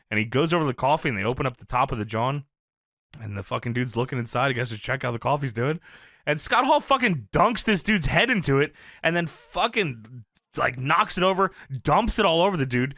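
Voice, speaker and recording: A man in casual podcast chat, animatedly retelling a wrestling show with constant laughter, swearing and quick impressions. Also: medium pitch, lively intonation, sharp tone, no echo, clean studio sound. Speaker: podcast co-host.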